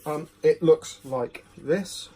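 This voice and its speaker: A man's voice: a little high, slow pace, warm tone, slight background noise. A man giving a casual, rambling whisky review at home. He is self-deprecating and fills his talk with ums, recorded on a phone. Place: home room. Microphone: phone camera.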